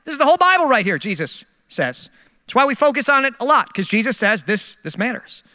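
A middle-aged man, a pastor, preaching a sermon with lively, self-mocking storytelling. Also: very high voice, fast, big-room sound.

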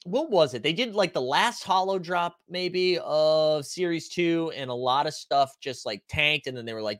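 A man's voice: on the high side, lively intonation, moderate pace, hardly any pauses, fairly bright tone, no echo, clean studio sound. A man hosting a casual stream, reading viewer comments aloud in a loose, conversational way, full of likes and ums. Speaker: stream host.

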